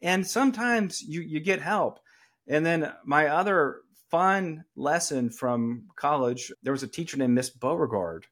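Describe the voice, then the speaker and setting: A man's voice: on the high side, measured pace. A middle-aged man from Atlanta with a Southern accent, telling stories in a conversational podcast interview and acting out the people he quotes. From Atlanta, Georgia, US. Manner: animated storyteller who acts out quoted people. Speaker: attorney, podcast guest. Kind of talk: conversational storytelling.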